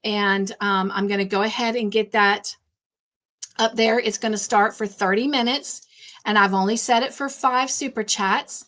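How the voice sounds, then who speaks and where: A woman's voice: medium pitch, steady tone, normal speed, fairly bright tone. Rambling woman livestream host. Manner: rambling, repeats herself when nervous. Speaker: craft channel host. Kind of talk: casual livestream chat.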